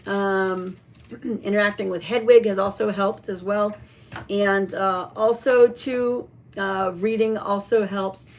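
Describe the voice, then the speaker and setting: A woman in a casual show-and-tell vlog, chatting about a toy with many fillers and some throat-clearing. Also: mid-range voice, steady tone, slow. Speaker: vlogger showing a toy.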